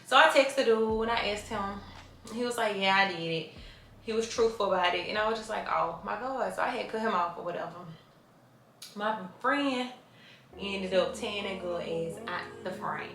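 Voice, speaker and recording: A woman's voice: medium pitch, normal speed, fairly bright tone, reverberant, a little hiss or hum. A woman, telling stories in a blunt, profane, conversational Q&A vlog. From Mobile, Alabama, US. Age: 20s. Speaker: vlogger. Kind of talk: casual Q&A storytelling.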